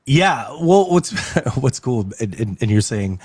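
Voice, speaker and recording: Interview guest: a man of average pitch, talkative and animated, circling back on his thoughts; dry, close-miked sound. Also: slow, slightly rough, no echo. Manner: animated, rambling with fillers and laughs. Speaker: interview guest, actor and agency owner. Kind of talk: casual interview chat. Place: club venue indoors.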